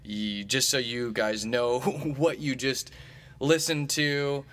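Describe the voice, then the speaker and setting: A man's voice: mid-range voice, steady tone, slow pace, a bit bright. A man in his thirties hosting a comedy podcast, talking in a meandering, jokey way with lots of fillers. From Missouri. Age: 30s. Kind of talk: casual rambling monologue.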